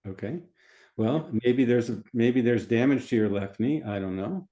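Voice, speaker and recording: A man, a physician, explaining his methods in an interview in a calm, methodical way, often repeating phrases. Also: medium pitch, moderate pace.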